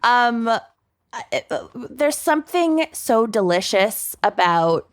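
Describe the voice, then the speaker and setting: Animated giggly woman co-hosting a podcast. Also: fairly high pitch, slow, clean tone. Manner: giggly, animated, upbeat show intro. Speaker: podcast co-host. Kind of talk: casual chat.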